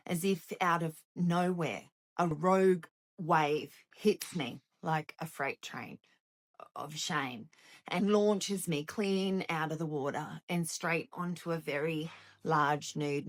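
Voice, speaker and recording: A middle-aged woman with an Australian accent tells a funny personal story with a wry, lively delivery. Her voice sits a little low for a woman, and she lands each punchline with practiced comic timing.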